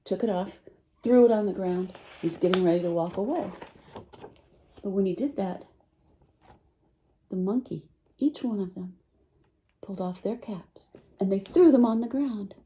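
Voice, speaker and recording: A woman teacher reading a picture book aloud to children, animated and full of questions for her listeners. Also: mid-range voice, unhurried, long pauses. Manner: animated, asks listeners questions, lively voice swings.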